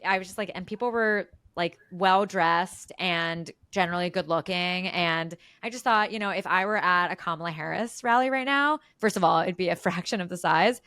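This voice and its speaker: A woman's voice: fairly low pitch, a bit bright, smooth, dry recording. A young adult woman co-hosting a casual political podcast, talking emphatically and restarting sentences as she builds her points. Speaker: podcast co-host.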